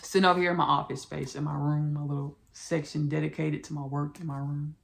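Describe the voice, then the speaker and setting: A woman's voice: sits low, flat delivery, brisk, gravelly, slight background noise. A woman podcast host with a Southern US country accent, giving a rambling, repetitive spiritual monologue full of restarts and familiar asides. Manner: rambling and repetitive, with frequent restarts, calling listeners "y'all" and "baby".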